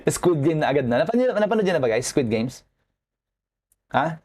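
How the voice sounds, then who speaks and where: A man's voice: fairly high pitch, big pitch swings, moderate pace, a little mellow. A man with a Filipino accent giving a nursing lecture online, joking and chatty, and constantly checking in with his students. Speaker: nursing professor.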